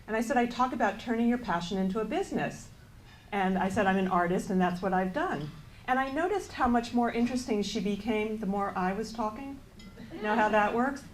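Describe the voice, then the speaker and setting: A keynote speaker from the United States, a woman with an expressive, brisk, mid-range voice, tells a story at an event hall, adding wry, self-mocking asides and quoting her own thoughts. The audio is poor, with a little hiss or hum.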